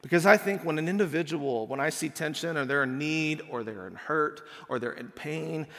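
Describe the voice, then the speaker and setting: A man preaching a conversational sermon, casual and animated, acting out the people in the passage and saying "like" a lot. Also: a little high, moderate pace, in a large hall. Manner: casual, animated, acts out quotes and says "like" a lot.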